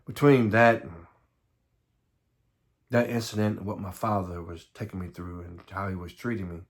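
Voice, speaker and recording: Gravelly-voiced man from the American South, halting earnest life story, near tears. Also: low voice, steady tone. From Southern United States. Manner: halting, repeats words, earnest. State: close to tears. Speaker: vlogger.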